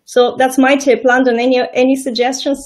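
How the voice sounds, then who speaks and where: A woman from Estonia hosting a casual live-stream chat over a video call, chatty and quick to laugh. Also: high-pitched, little pitch movement. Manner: chatty, warm-hearted, laughs easily, restarts often. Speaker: host.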